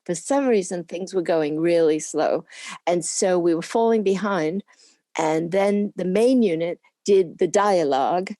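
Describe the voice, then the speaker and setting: A woman's voice: fairly low pitch, measured pace, mellow, no room sound, clean studio sound. An older woman, a camera assistant being interviewed, talking casually and rambling on with frequent laughs. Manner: chatty, rambling, laughs often.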